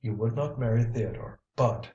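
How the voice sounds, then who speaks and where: A man's voice: medium pitch, moderate pace, warm tone, highs cut off, lightly acted. A man reading a stern, hot-tempered sailor. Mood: masterful. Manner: stern, commanding. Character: hot-tempered strong young sailor, masterful. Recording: roomy, distant mic.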